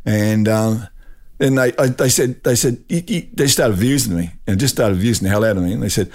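An older man with an Australian accent, a guest telling a rambling, animated anecdote full of restarts. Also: medium pitch, quick pace. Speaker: guest, retired drag racing champion. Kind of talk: storytelling anecdote.

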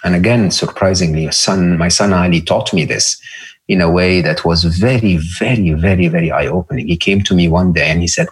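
A middle-aged man with a deep voice talks fairly quickly as a guest on a podcast, reflecting thoughtfully in an interview. He tends to repeat words and keeps checking in with "right?" and "hmm?"

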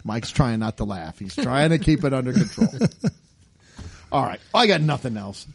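Male podcast host, gravelly tone, lively up-and-down delivery, keeps cracking jokes. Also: medium pitch, moderate pace, no echo. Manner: joking, laughs often. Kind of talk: casual chat.

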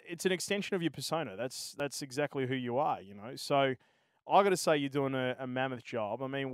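A man's voice: mid-range voice, smooth, no echo, studio quality. An Australian man hosting a live stream, chatting casually in a boisterous, matey way and using lots of slang. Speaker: stream host.

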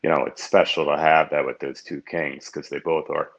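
A man's voice: very deep voice, little pitch movement, moderate pace, dull audio. A man in his fifties chatting casually as a podcast guest, rambling and heartfelt, often restarting his sentences. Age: 50s.

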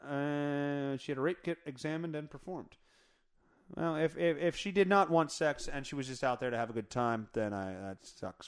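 Profane, rambling male podcast host. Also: fairly high pitch. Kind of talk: crude comedic news rant.

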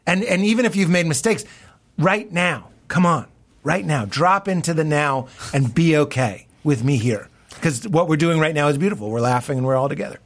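A man who is a comedian, talking in a casual podcast chat, excitable and laughing, jumping up in pitch when he acts out quotes. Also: moderate pace. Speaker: comedian guest.

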